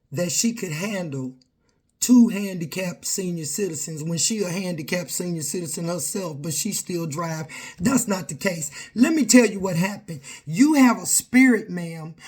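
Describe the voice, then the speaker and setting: A middle-aged woman, speaking straight to camera in an emphatic, confrontational rant full of repeated lines. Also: fairly high pitch. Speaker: vlogger.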